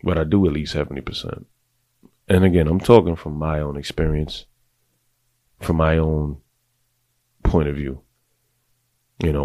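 A deep-voiced middle-aged man hosting a podcast, giving blunt, profane, confessional advice to other men in a casual monologue. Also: darkish tone, no room sound. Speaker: podcast host.

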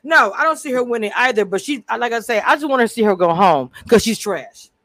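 A woman's voice: on the high side, lively intonation, brisk, a bit bright, dry recording. A woman co-hosting a casual recap chat over a video call, talkative and prone to drifting off topic with many restarts. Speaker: co-host.

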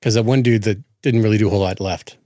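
A man's voice: fairly low pitch, fairly even intonation, fast talker, mellow, no room sound, studio quality. A man co-hosting a casual podcast as a father, joking around and wandering off on tangents. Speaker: podcast co-host. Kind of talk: casual chat.

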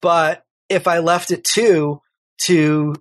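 A man's voice: on the high side, fairly even intonation, slow pace, no room sound. Candid middle-aged man, dry close sound. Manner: candid, rambling, self-correcting. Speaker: podcast guest, working father. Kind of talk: casual conversational interview.

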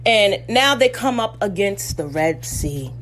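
A woman's voice: medium pitch, lively intonation, measured pace, fairly bright tone, slight background noise. A woman preaching a sermon, fervent and personal, acting out biblical voices as she retells scripture.

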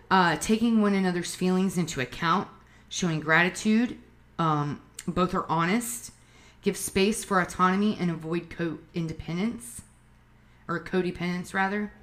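A woman's voice: lowish voice, fairly bright tone. A woman with a Southern US accent giving relationship advice in a blunt, profane, emphatic casual monologue. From Southern United States.

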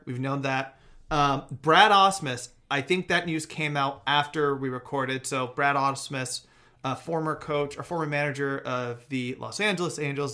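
A young man co-hosting a casual sports podcast, joking around and running through team news in a lively way. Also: fairly high pitch. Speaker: podcast co-host.

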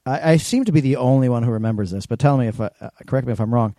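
A man co-hosting a podcast in loose, casual chat. His voice is mellow and dark, and the recording is dry and close. He tells anecdotes with plenty of casual profanity. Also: medium pitch, very fast, no echo. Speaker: podcast co-host.

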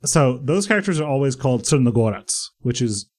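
A man's voice: medium pitch, big pitch swings, brisk, a little mellow. A man co-hosting a podcast, telling rambling stories in casual chat and laughing at his own jokes. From Yugoslav family background. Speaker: podcast co-host.

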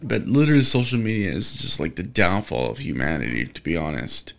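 A man's voice: sits low, lively intonation, fairly quick, vocal fry. A young man talking casually on his solo podcast, rambling in a frustrated, profane way and often restarting his sentences.

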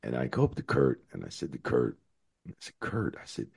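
Middle-aged American guest, very deep husky voice, animated storyteller who acts out quotes. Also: male voice, fairly quick. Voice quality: very deep gravelly voice. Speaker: former wrestling referee, guest. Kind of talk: storytelling interview answer.

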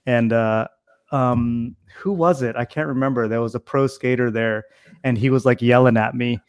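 A man's voice: medium pitch, fairly even intonation, moderate pace, smooth, no room sound, studio quality. A man in his forties from Tennessee, chatting on a podcast in a rambling, self-deprecating way full of fillers. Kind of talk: casual podcast chat.

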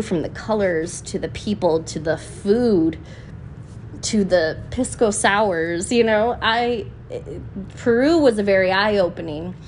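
A woman's voice: medium pitch, a little hiss or hum. A woman hosting a podcast, talking in a casual, heartfelt monologue that often turns emotional and is full of "you know" fillers. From United States. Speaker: podcast host.

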